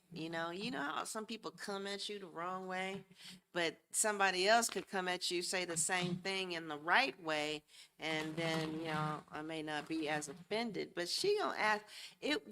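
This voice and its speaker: A woman giving a casual tarot reading, talking bluntly and profanely as she speaks straight to her viewers. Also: on the low side. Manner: addresses viewers directly and warmly. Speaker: tarot reader.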